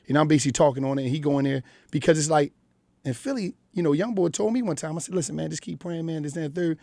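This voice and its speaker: A man's voice: on the high side, fast, gravelly, a little mellow, no room sound. A middle-aged man with a Philadelphia accent, talking bluntly and profanely as a radio guest in a studio. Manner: blunt, profane street storytelling. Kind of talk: candid interview talk.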